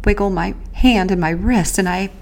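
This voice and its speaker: A woman host recounting her own experience in the first person, earnest and halting, with pauses and restarts. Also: medium pitch, vocal fry, a little hiss or hum. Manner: speaks of faith and prayer.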